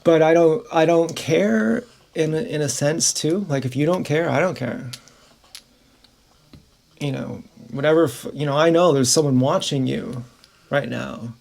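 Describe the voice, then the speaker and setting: Frank, rambling man, slightly high voice. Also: a little slow, vocal fry, a little mellow. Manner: frank, profane, musing, laughs often. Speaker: vlogger. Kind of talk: rambling monologue to camera.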